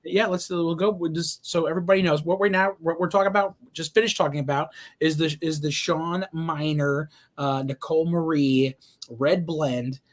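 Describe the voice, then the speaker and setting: A man with a slightly higher voice hosts a live online wine show. He pitches bottles and prices eagerly and fills his talk with "uh" and restarts. He sounds like he is talking over a video call. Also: steady tone, normal speed. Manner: chatty, enthusiastic salesman with many fillers and restarts. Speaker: wine shop host.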